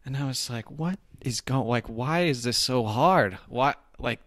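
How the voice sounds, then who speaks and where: A man hosting a podcast, telling stories in a relaxed, rambling way during casual chat. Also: mid-range voice, a little slow, dry recording, clean studio sound. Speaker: podcast host.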